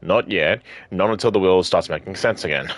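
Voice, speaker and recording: A man's voice: sits low, normal speed, no room sound. A young man streaming a story game, reading dialogue and journal text aloud between jokes and swearing. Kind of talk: casual gameplay commentary and reading dialogue aloud.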